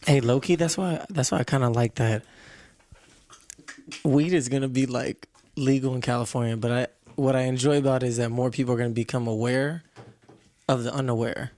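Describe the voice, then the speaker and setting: Teasing young man with a mellow voice. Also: medium pitch, fairly even intonation, a little fast. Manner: teasing, joking asides. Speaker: podcast co-host. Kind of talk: casual chat.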